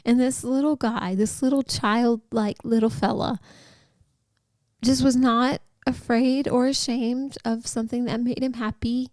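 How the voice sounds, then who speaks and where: A woman's voice: a little high, steady tone, a little slow, darkish tone, dry recording, studio quality. A woman hosting a podcast, sharing a personal faith story in a heartfelt, chatty way, full of likes and you-knows. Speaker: podcast host.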